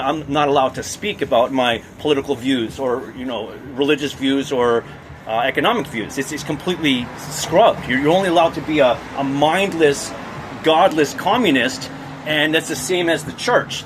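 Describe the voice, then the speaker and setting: A man's voice: on the high side, fairly bright tone, slight background noise. A man delivering a heated political rant, talking in fits and starts with many repeated words and restarts. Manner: heated, repetitive restarts and stammers. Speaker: political commentator. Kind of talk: ranting monologue.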